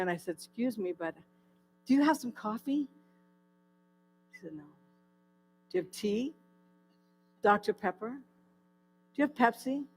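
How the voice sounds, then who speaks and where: A woman's voice: a little high, a little hiss or hum, poor audio. Woman telling her recovery testimony. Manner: lively storytelling, acts out dialogue, laughs often. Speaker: guest speaker at a church. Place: church hall.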